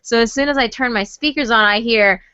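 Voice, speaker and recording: A woman's voice: a little high, brisk, sharp tone, smooth, dry recording. A woman guest on a live stream, chatty, giggly and teasing in casual group talk. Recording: lo-fi, dry voice chat audio.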